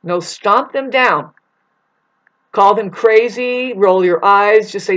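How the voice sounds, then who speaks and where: A woman's voice: mid-range voice, takes it slowly, poor audio. A woman delivering a rambling, profane spiritual monologue to her viewers. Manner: intense, profane, digressive. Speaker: spiritual vlogger.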